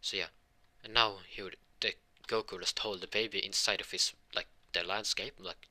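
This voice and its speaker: A young man rambles through a homemade fan story, often restarting his sentences. His voice has a forceful, bright edge and sits fairly low for a man. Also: steady tone, moderate pace. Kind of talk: casual fan-fiction storytelling.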